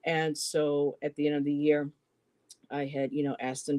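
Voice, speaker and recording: A middle-aged man telling a personal story in a halting way, repeating words and quoting what others said. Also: fairly high pitch, little pitch movement, darkish tone. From western New York, US. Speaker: poetry show co-host.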